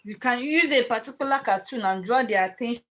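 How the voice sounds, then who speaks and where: A woman's voice: fairly high pitch, brisk, a bit bright, poor audio. A young mother chatting casually on a live stream about parenting. She rambles and restarts, with plenty of fillers, and breaks off now and then to scold her children. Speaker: parenting vlogger.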